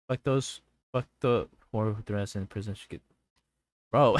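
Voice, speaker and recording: A man's voice: fairly low pitch, unhurried, a little hiss or hum. A man streaming a game, chatting casually, laughing a lot and swearing freely. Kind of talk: casual gameplay commentary. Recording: background game music.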